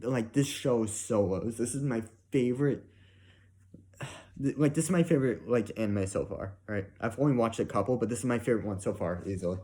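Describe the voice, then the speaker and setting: A man's voice: mid-range voice, fairly quick, dark tone. A young man giving a casual, emotional spoken review, rambling with many "like" and "right?" fillers and frequent swearing.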